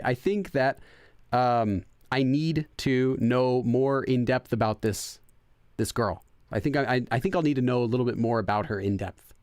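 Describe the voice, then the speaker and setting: Male let's-play host, loose rambling chat full of fillers and self-corrections, mid-pitched, dry close sound. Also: darkish tone, dry recording. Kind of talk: casual gameplay chat, translating game text.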